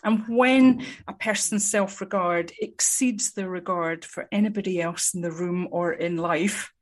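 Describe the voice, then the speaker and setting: A woman, a psychologist, explaining her field in a measured, articulate way with frequent ums. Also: on the low side. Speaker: psychologist guest. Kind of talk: conversational expert explanation.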